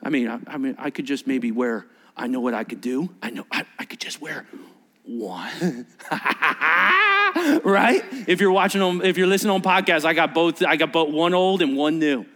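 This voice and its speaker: Animated middle-aged male pastor preaching. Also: a little high, normal speed. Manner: animated storytelling with voiced quotes and asides; drops to a hushed near-whisper for emphasis. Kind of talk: sermon.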